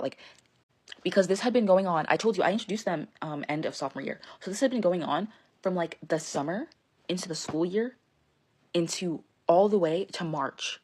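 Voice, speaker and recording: Fast-talking low-voiced young woman, rambling. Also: darkish tone. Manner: rambling, filler-heavy, swears freely. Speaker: storyteller. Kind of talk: casual storytime.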